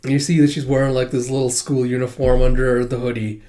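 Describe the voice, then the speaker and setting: A young man casually reading through a manga and commenting, chatty and quick to laugh. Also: medium pitch, level tone, dark tone. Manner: chatty, laughs often, says 'he's like' a lot. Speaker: manga reader. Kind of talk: casual read-along commentary.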